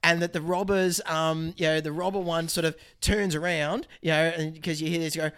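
A man's voice: fairly high pitch, fairly even intonation, moderate pace, fairly bright tone, smooth. A man co-hosting a casual podcast, telling stories in an easygoing, rambling way. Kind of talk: casual chat.

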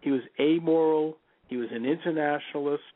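A male radio talk show host giving a political commentary monologue, opinionated, stressing names with jumps in pitch and leaning on "you know" fillers. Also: fairly quick, no echo. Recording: tinny phone-like line, dry.

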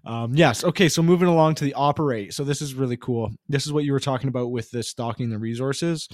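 A man co-hosting a casual gaming chat, talking in a relaxed, rambling way full of fillers. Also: medium pitch, quick pace, no echo, clean studio sound. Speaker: podcast co-host.

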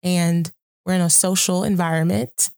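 A woman's voice: on the low side, steady tone, moderate pace, creaky, a little mellow, dry recording, studio quality. Earnest woman hosting a faith podcast. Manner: earnest, reflective, laughs often. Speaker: podcast host. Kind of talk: casual conversation about faith.

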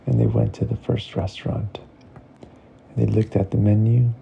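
A man hosting a bedtime story show, narrating slowly and soothingly and slipping between English and Spanish. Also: fairly low pitch, level tone, creaky, highs cut off, slight background noise. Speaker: storyteller host.

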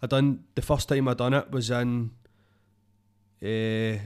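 A man's voice: mid-range voice, steady tone, slow pace, darkish tone, clear, resonant tone. Sweary Scottish man chatting. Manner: sweary, rambling, says "know what I mean" a lot. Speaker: comedian guest. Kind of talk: casual podcast chat.

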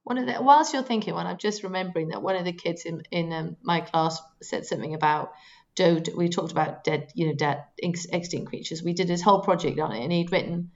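A woman's voice: brisk, muffled recording. A woman co-hosting a casual podcast, playfully teasing as she runs a trivia quiz. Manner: playful and teasing, lively pitch jumps. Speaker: podcast co-host running a quiz; teacher. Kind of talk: casual chat.

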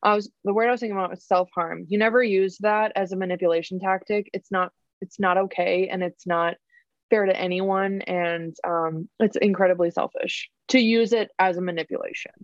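A young woman co-hosting a podcast in casual chat, talking with many fillers and pausing to search for words. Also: mid-range voice, steady tone, dry recording, muffled recording. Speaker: podcast co-host.

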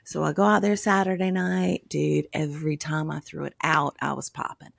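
A woman's voice: sits low, normal speed, vocal fry, husky, no echo, studio quality. Laughing, cussing woman storyteller. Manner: animated, profane storyteller with lots of laughter. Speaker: podcast co-host. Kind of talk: casual storytelling chat.

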